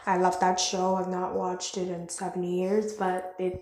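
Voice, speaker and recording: A woman's voice: fairly low pitch, flat delivery, slow, hardly any pauses, dry recording. A young woman hosting a casual solo podcast, rambling and self-deprecating, recorded on a phone with wired headphones. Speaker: podcast host. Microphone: phone voice recorder app with wired headphones.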